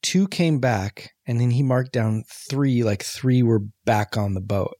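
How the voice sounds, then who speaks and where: A man's voice: mid-range voice, measured pace, mellow, dry recording, clean studio sound. A man co-hosting a podcast, chatting casually about a movie in a laid-back, joking way and walking through plot points. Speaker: podcast co-host.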